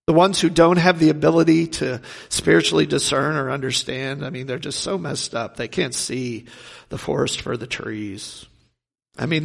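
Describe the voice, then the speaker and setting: A man preaching a sermon, asking rhetorical questions and swinging between loud and hushed delivery. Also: fairly high pitch, creaky, in a large hall.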